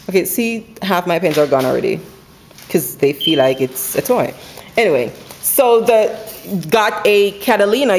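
A woman's voice: mid-range voice, slight background noise. Chatty woman walking through a coupon haul. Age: adult with school-age kids. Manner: chatty, quick, runs numbers aloud, laughs often. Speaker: couponing vlogger. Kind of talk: casual haul video chat. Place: home, indoors.

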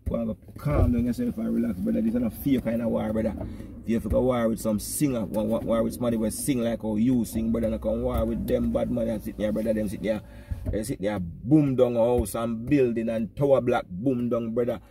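A man with a Jamaican accent, mid-range voice and vocal fry talks fairly quickly over a noisy background. Playing a self-styled pastor for a comic vlog, he launches into a rambling rant. Animated and preachy, he repeats "brother" rhythmically in nearly every line.

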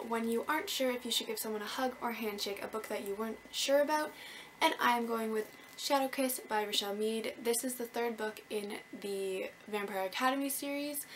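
Young woman from Canada, book vlogger, high-ish voice, bubbly and self-mocking, faint hiss on the recording. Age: young adult. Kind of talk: casual chat to camera.

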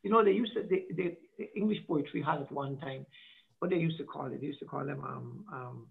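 A man's voice: a little high, a little fast, vocal fry. A man who is an artistic director, talking as an interview guest, rambling and searching for his words as he trails off. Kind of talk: conversational interview. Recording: tinny video-call audio.

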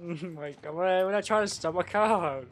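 A man live-streaming a game, giggling constantly and yelping excited exclamations between casual chat. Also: high voice, moderate pace, a little hiss or hum. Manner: giggly, laughing through his words.

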